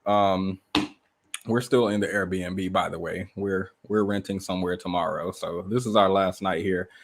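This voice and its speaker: A man with a fairly low voice chats casually on a livestream from a rented room. He tells his stories in an animated way and keeps asking rhetorical questions. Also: moderate pace, noisy background. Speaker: livestream host.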